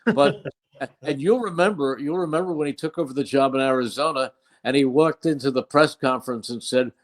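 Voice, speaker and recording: A man's voice: medium pitch, brisk. An older man, a veteran broadcaster, telling fond anecdotes in an interview with emphatic, storytelling delivery. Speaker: play-by-play broadcaster.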